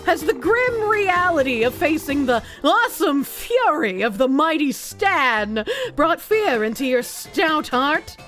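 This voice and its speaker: A woman's voice: high-pitched, sing-song, slow pace, fairly bright tone, faint music behind, full character voice. A woman voicing an arrogant male evil king who hurls grand insults in a game. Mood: scornful. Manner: haughty, insulting.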